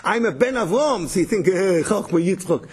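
A man's voice: high voice, expressive, brisk, breathy edge. A man giving a Torah lecture, mixing Yiddish and Hebrew terms, often repeating words and restarting. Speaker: Torah teacher.

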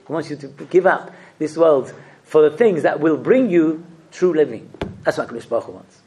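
A man giving a religious sermon, asking rhetorical questions and telling stories with expressive delivery. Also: a little high, normal speed, slight background noise. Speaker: rabbi giving a talk.

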